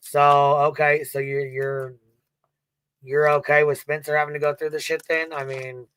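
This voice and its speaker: Flat-voiced cursing man ranting. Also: a little high, normal speed, clear, resonant tone. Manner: blunt, profane, ranting. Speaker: panel guest. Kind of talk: heated casual commentary.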